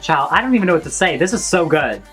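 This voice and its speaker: A woman's voice: low voice, very animated, fast talker. Gushing woman reacting to songs. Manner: effusive, bursts into shouts and gasps; sings and hums along. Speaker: reaction video host. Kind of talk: excited song reaction commentary. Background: faint music.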